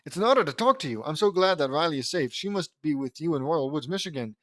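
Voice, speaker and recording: A man's voice: on the high side, animated, fast, fairly bright tone, dry recording. A man voicing a kindly middle-aged father talking on the phone, read in an earnest, polite way.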